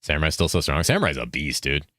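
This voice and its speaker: A man from California, talking fast in a rumbling low, sing-song voice that sounds pushed and bright, streams a game in studio quality with no echo. He's laid-back, reads chat to viewers, curses freely and keeps saying "dude."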